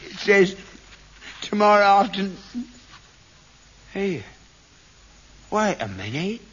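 A man's voice: high voice, sing-song, slow pace, fairly bright tone, dull audio, a little hiss or hum, full character voice. An actor playing a selfish, cantankerous elderly father, grumbling and blunt, in an old sitcom recording. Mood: gloomy. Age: older. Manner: grumbling and self-pitying, blunt.

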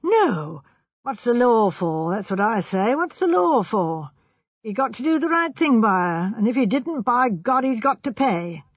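A reader voicing a burly, shifty, middle-aged publican who is rough-spoken and indignant. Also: medium pitch, lively intonation, normal speed, hardly any pauses, a bit bright, no echo, lo-fi sound. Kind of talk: audiobook character voice.

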